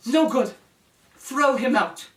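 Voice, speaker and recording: A man's voice: high-pitched, big pitch swings, takes it slowly, echoey room, far from the mic, pitched above the performer's own voice, exaggerated voice. A man playing an icy, haughty princess. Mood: shouting. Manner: curt and icy. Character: cold, haughty young princess on a throne.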